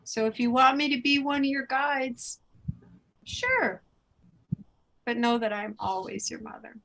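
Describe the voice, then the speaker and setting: A loving mother's spirit, as a woman channels her, speaking low and softly at an unhurried pace. The voice is gentle and reassuring throughout. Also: lively intonation, creaky, a little hiss or hum, heavily acted, poor audio. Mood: tender. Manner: tender, reassuring, soft.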